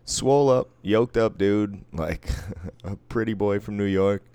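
A man's voice: lowish voice, a little slow, mellow, clear, resonant tone, dry recording. A man from Boston co-hosting a podcast, telling teasing stories in casual chat. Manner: teasing storyteller.

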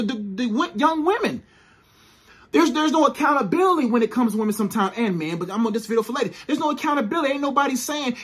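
Husky, emphatic faith-based relationship talk. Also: medium pitch. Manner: emphatic and repetitive, casual slang. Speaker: relationship advice speaker.

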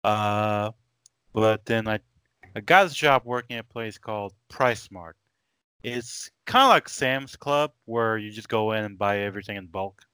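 A man from Aruba chats as a podcast guest, laid-back and hesitant, filling pauses with "uh". His voice is bright and smooth, recorded close and dry. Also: fairly low pitch, no echo. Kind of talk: casual podcast chat.

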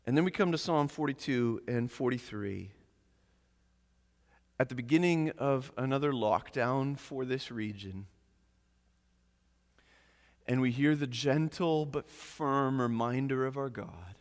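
A man preaching a sermon as pastor, earnest, slowing and softening on key phrases. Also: mid-range voice, big-room sound.

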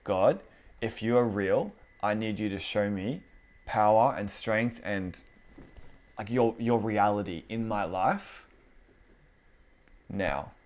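A man's voice: lowish voice, slow pace, pauses often, darkish tone. A man quoting his mother as she prays desperately, in his own speaking voice. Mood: pleading. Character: pleading, desperate middle-aged mother praying.

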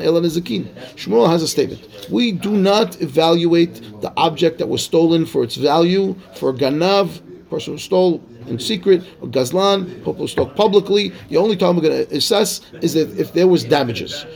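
A man teaching a casual Talmud class, explaining quickly and checking in with his students. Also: on the high side, lively intonation, gravelly, a little mellow. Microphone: class microphone.

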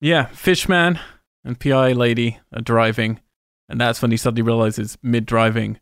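A man's voice: medium pitch, steady tone, moderate pace, hardly any pauses, fairly bright tone, clear, resonant tone, dry recording. A man co-hosting a podcast, chatting casually and wryly about a movie, with dry humor and the odd swear. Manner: wry, sweary, scrubbing through footage while talking. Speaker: podcast co-host. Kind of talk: casual movie commentary chat.

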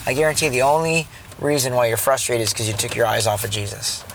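A man in his thirties speaks from the driver's seat, his mid-pitched voice carrying a rough, creaky edge. He rambles earnestly about being a dad, stumbling over restarts and slipping into a preachy tone. A faint car hum sits underneath. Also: fast talker. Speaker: father sharing a parenting reflection. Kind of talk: casual vlog monologue turning preachy.

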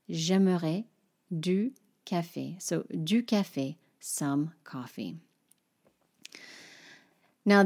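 A woman teaching French in a relaxed, encouraging way, sometimes dropping almost to a whisper. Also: low-pitched. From United States. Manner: friendly, encouraging, drifts into soft near-whispers. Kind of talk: relaxed spoken lesson.

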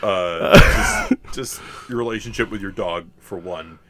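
A man co-hosting a podcast in casual chat, animated and laughing often, with quick bursts of mimicry. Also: lowish voice, a crowd in the background. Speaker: podcast co-host.

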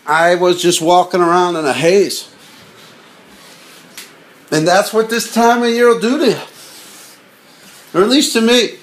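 A man's voice: sits high, steady tone, a little slow, long pauses, a bit bright. A man hosting a podcast, rambling jokingly and calling his listeners gang while he watches TV clips. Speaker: podcast host. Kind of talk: casual comedic monologue over TV clips.

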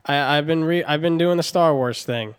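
A young man hosting a casual chat, talking in an excited ramble that trips over itself and restarts often. His voice sits a little high for a man. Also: normal speed, smooth.

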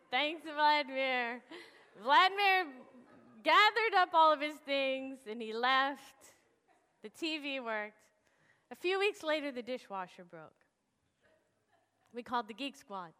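A woman pastor preaching a sermon and telling a personal story in an animated, expressive way. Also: sits high, long reverb tail.

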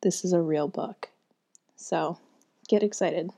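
Young woman rambling about a book, lots of likes and ums, mellow kinda low voice. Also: takes it slowly, husky. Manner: rambling, chatty, many fillers. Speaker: book reviewer. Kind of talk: casual book chat.

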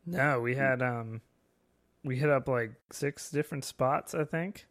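A man's voice: medium pitch, measured pace, a bit bright. A man hosting a casual live-streamed podcast, joking, swearing and laughing often. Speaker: podcast host.

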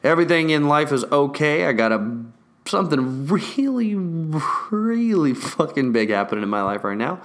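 Young male vlogger, loose casual chat, swears freely, loud bursts then hushed asides. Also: a little high, moderate pace. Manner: profane, excitable, jumps between loud and hushed; acts out whispered store dialogue.

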